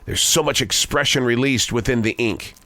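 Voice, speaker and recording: An older man, a broadcaster and daily writer, hosting a reflective spoken essay with wandering pitch, quick bursts and slow emphatic phrases. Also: bright, forceful tone, no echo.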